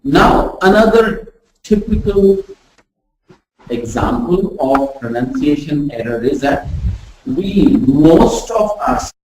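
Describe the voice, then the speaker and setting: A woman teaching a pronunciation lesson, demonstrating sounds with deliberate exaggeration. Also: deep voice, big pitch swings, a little mellow, slight background noise. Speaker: communication skills trainer. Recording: very echoey room, voice far from mic.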